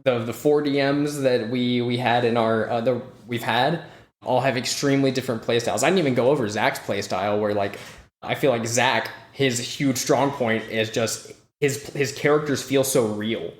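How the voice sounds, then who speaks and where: Male podcast host, easygoing, laughs a lot, restarts sentences, mid-pitched, recorded in an echoey room. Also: normal speed. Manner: relaxed, laughs often, stammering restarts. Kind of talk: casual podcast chat.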